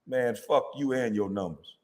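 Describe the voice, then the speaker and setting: A man's voice: medium pitch, moderate pace, big-room sound. A man, a former basketball player, delivering a heated, profane, confrontational rant at a critic. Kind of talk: angry rant.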